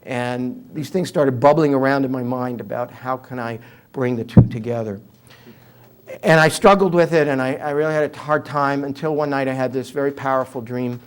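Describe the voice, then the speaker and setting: A man's voice: medium pitch, normal speed, clean tone. Older man with a New York accent. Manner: humorous storyteller, conversational with fillers. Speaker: author and guest speaker. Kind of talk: interview talk, anecdotal.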